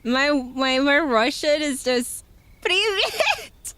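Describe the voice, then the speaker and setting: A young woman streamer talks to her chat in an easy, wandering way, stopping often for fillers and giggles. Her voice sits a little high and smooth, and her speech is slow. The sound is dry and close, as from a desk mic. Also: animated, a bit bright, no room sound. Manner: giggly, rambling, many fillers. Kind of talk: casual chat with chat.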